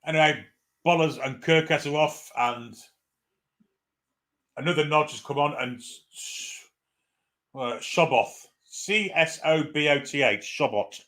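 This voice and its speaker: A man's voice: a little high, slow, long pauses, pushed and bright. A man giving live fan commentary on a football match, irreverent, swearing freely and reading out viewer comments.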